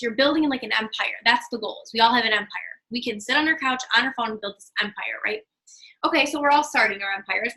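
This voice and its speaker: A woman's voice: a little high, pushed and bright, rough recording. A woman leading her sales team in an emphatic motivational talk, repeating her key points. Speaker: team leader of a sales business.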